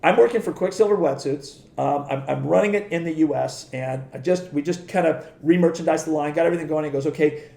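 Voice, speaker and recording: Middle-aged guy, gravelly voice, fairly high pitched, rambling casual stories with lots of restarts, roomy echo. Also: fast, few pauses, mellow. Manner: rambling, with many restarts and acted-out quotes. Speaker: guest, former pro surfer and surf industry rep. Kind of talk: casual storytelling.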